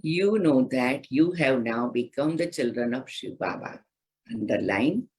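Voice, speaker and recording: A woman who is a spiritual teacher, reading scripture slowly and gently and adding her own commentary in a devotional talk. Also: rumbling low, breathy edge, rough recording. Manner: gentle, unhurried, guiding listeners through meditation.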